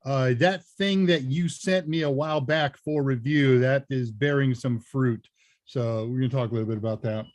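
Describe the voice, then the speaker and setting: A man's voice: medium pitch, normal speed, darkish tone, no echo, clean studio sound. A man hosting a live tech Q&A, chatting casually and rambling with chuckling asides. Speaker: host and senior instructor. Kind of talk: casual livestream Q&A chat.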